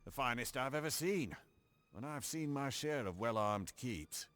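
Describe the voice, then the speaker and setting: An admiring male visitor in a fantasy video game, speaking with formal praise. His pitch rises and falls freely. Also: animated, measured pace, fairly bright tone. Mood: impressed. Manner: formal, impressed. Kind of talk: game dialogue.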